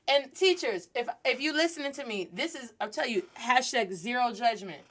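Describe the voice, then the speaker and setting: A woman in her thirties teaches in a relaxed podcast style, chatty and animated. Her voice sits a little high, and she drops easily into Spanish words and phrases. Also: moderate pace, hardly any pauses. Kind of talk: casual podcast lesson.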